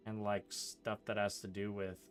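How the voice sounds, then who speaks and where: A man's voice: on the low side, flat delivery, normal speed, faint music behind. A young man from Canada chatting casually over gameplay, answering chat in a rambling way with lots of likes and ums and frequent chuckles. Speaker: streamer.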